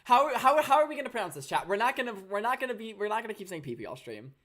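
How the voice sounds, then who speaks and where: A woman streaming live gameplay, talking to her chat in a chatty, excitable, playful way. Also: on the high side, very fast. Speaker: gaming streamer.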